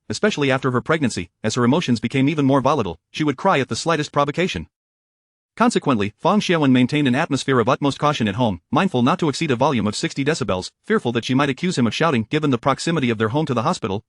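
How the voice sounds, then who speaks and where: A man narrating a story in a formal, even reading style. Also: mid-range voice, rapid-fire, no room sound, clean studio sound.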